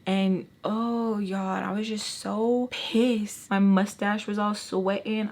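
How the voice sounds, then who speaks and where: A young woman chatting to her camera at home, telling a story in an animated, rambling way. Her voice sits at an ordinary pitch, full of fillers, and she slips into hushed whispers for asides. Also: moderate pace. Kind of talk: casual storytime chat.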